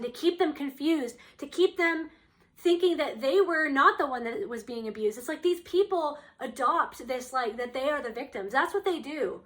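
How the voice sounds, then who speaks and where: A woman's voice: high voice, expressive, moderate pace, fairly bright tone. A young woman giving a casual spiritual tarot reading, talking earnestly in a rambling way with many fillers. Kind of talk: casual channeled reading to camera.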